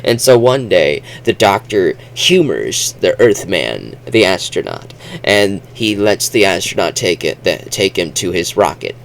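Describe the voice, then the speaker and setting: Low-voiced man rambling about a book. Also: animated, gravelly, slight background noise. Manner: rambling, halting, with restarts. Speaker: book reviewer. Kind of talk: casual book review vlog.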